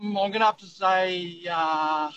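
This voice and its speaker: A man with an Australian accent calling in to a radio quiz, excitable and matey. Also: sits high, unhurried, smooth. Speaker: caller. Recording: dull phone line.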